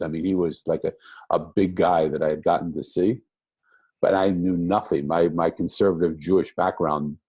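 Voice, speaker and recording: A man's voice: low voice, mellow, breathy edge, no room sound. An older man, a rabbi, telling his life story in an interview, reflective and rambling with many restarts. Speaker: guest, rabbi.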